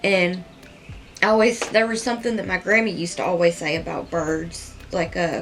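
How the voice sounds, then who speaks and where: A woman's voice: lowish voice, steady tone, moderate pace, faint music behind. A woman doing a casual makeup tutorial, rambling in a chatty, heartfelt way and peppering her talk with "like". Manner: rambling, chatty and heartfelt, with frequent "like" and soft laughs. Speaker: makeup vlogger.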